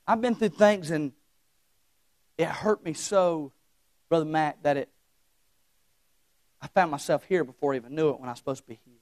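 A young man preaching a sermon, swinging between shouting and hushed folksy talk. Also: fairly high pitch, normal speed, long pauses, no echo, clean studio sound. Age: young adult.

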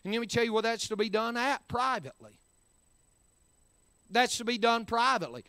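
A man's voice: very high voice, animated, brisk, pauses often, sharp tone, smooth, dry recording, clean studio sound. A man preaching a sermon, repeating key phrases with rising and falling emphasis.

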